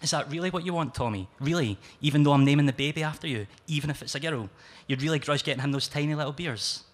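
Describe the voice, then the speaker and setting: A man's voice: fairly high pitch, quick pace, close to an everyday voice. A man reading his story aloud, voicing a teasing, pleading young pregnant woman in a raised voice. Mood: coaxing. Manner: coaxing, mock-pleading.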